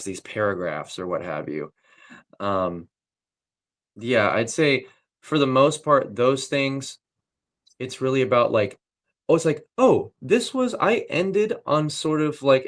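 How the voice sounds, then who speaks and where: A young male voice actor chatting in an interview with a somewhat low voice. He talks loosely, with plenty of likes and ums, while he breaks down technique in detail. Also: fairly bright tone. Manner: loose, filler-heavy, technical talk with frequent likes and ums. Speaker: voice actor guest. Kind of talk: casual interview chat.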